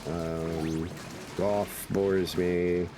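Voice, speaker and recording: A man's voice: low voice, flat delivery, extremely slow, music in the background. A man streaming a game, chatting casually and rambling through stories with lots of fillers. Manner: rambling storyteller with many fillers. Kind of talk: casual chat while gaming.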